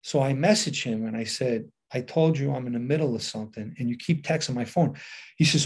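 A middle-aged man tells a story from his past in a loose, casual monologue. He switches into the voices of the people he quotes, so his delivery keeps shifting in speed and loudness. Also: mid-range voice, fairly quick, slightly rough. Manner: animated retelling with quoted dialogue. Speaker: podcast host telling a personal story.

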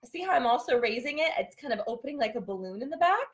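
A woman's voice: sits high, sing-song, quick pace. A young woman teaching a live singing lesson, explaining and demonstrating vocal exercises with a tired voice. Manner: demonstrative, sings and yells sample notes between explanations.

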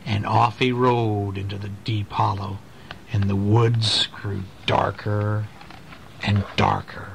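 A man reading a bedtime story aloud to a child, animated and stopping to ask questions about the pictures. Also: fairly low pitch, slow pace, vocal fry, a little hiss or hum.

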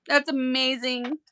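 A woman hosting a tie-dye livestream, chatting casually and gushing with excitement. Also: high voice, dry recording. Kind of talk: casual livestream chat while unboxing.

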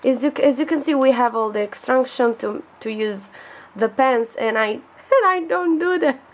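A young woman with an Italian accent, an artist chatting excitedly through an unboxing vlog, gasping and giggling often in non-native English. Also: high voice, normal speed, faint music behind. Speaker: artist reviewing art supplies.

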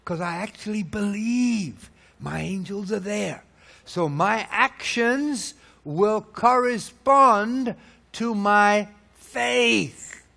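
High-pitched male preacher, emphatic sermon delivery, rhetorical questions, sharp swings in volume. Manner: swings between loud peaks and low hushed lines.

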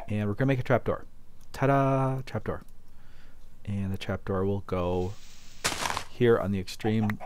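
A man's voice: on the low side, background noise. A man hosting a casual let's play, chatting playfully as he goes and talking to objects in the game.

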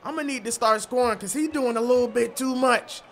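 A man giving excited gameplay commentary, hyping plays and often shouting. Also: very high voice, brisk, very noisy. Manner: hypes plays with frequent shouting. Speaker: gaming video creator.

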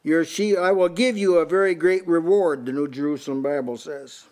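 Preaching a sermon in a small house church, an older man reads Bible passages in several translations and compares them. He often restarts, repeating words, in a slightly high, slightly mellow voice at normal speed.

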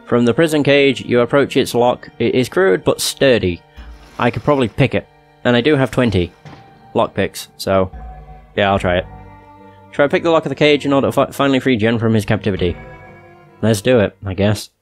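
A man's voice: medium pitch, animated, fairly quick. A man hosting a let's play, reading game text aloud with chatty, amused asides. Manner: chatty, amused asides between read passages. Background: faint game music.

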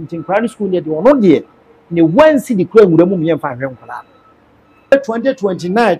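Husky man telling his story. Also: high voice, warm tone. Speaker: interviewee on TV.

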